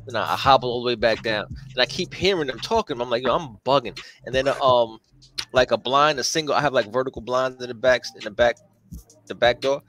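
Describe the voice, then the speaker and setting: A man's voice: medium pitch, fairly bright tone. A middle-aged man, co-host of a comic-art livestream, telling a rambling story in casual slang with lots of filler words.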